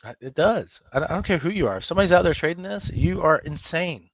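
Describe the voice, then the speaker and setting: A man's voice: on the high side, animated, fast, dry recording. Emphatic man hosting a trading stream. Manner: emphatic, scolding, laughs often. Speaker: trading room host. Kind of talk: live trading commentary.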